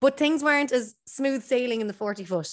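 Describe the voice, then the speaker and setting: A woman's voice: a little high, expressive, a little fast. A woman hosting an interview, chatty and enthusiastic in a casual conversation. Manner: chatty, enthusiastic, talks over. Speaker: podcast host.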